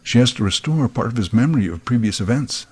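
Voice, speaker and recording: Husky wry man telling a story. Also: mid-range voice, expressive, fast talker, darkish tone. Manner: wry, sarcastic storytelling with sound effects. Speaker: podcast host. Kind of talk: scripted comic monologue.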